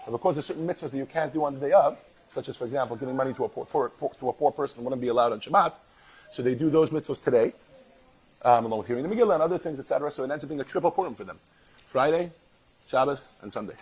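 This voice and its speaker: A man with a New York accent teaches a class in a chatty, joking way. His voice is husky, and he talks at an even, middling pitch. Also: racing, poor audio. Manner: chatty, jokey. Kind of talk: classroom lesson.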